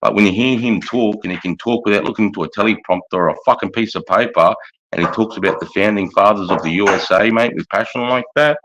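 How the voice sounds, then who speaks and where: A man's voice: fairly low pitch, fast talker, background noise. An Australian man hosting a livestream chat, laid-back, matey and swearing freely. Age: adult with a young son. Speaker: livestream host.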